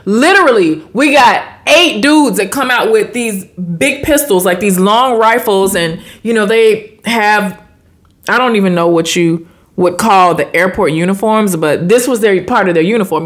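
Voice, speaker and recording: A woman from the United States telling a personal story in a casual storytime vlog, slangy and animated, with sudden high exclamations. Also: measured pace.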